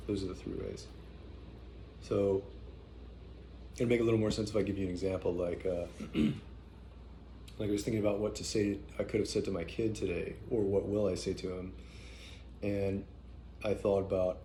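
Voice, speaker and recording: A man talking casually and thoughtfully as a parenting teacher, halting often with fillers and restarts. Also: fairly low pitch, flat delivery, warm tone, slight background noise. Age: adult parent. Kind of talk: casual spoken reflection.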